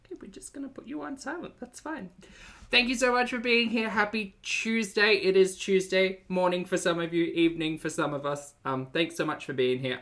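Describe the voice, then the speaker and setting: A man's voice: on the high side, sharp tone. Chatty man hosting a stream. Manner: chatty and playful, greeting viewers one by one. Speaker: live stream host. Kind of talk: casual reaction live stream commentary.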